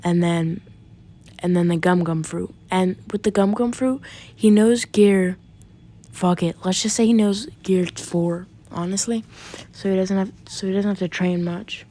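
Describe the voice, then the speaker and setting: A woman's voice: medium pitch, steady tone, unhurried, mellow. A woman retelling a fan story off the cuff, rambling and casual, with occasional swearing. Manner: rambling, many fillers and restarts, occasional swearing.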